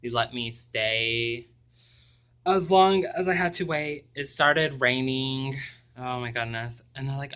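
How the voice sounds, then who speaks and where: Slow, hesitant young man with a crisp voice. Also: medium pitch, pushed and bright. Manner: halting and hesitant, with many ums. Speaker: vlogger. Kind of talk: personal storytelling to camera.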